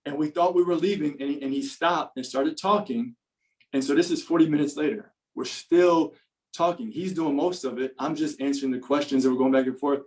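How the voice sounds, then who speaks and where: A man's voice: a little high, a little fast, a little mellow, low-quality recording. A man telling an earnest personal testimony as a podcast guest, with many fillers and restarts.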